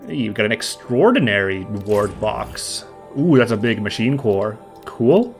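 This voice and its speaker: A man's voice: on the low side, lively intonation, measured pace, gravelly, few pauses, soft background music. A man hosting a let's play, chatting casually and rambling upbeat while a little stuffy and nasal from a cold. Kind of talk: casual gameplay commentary.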